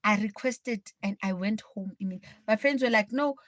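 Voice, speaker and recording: A woman's voice: mid-range voice, moderate pace, a bit bright, no echo. A young woman with a South African accent, hosting a livestream and telling a story bluntly and dramatically. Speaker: livestream host. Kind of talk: casual storytelling.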